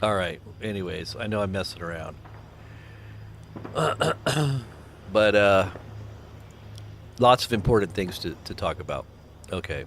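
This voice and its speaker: A man's voice: low voice, animated, measured pace, pauses often, fairly bright tone, a little hiss or hum. Rambling man hosting a livestream. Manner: rambling, reads out chat names, chuckles. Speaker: livestream host. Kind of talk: casual livestream chat.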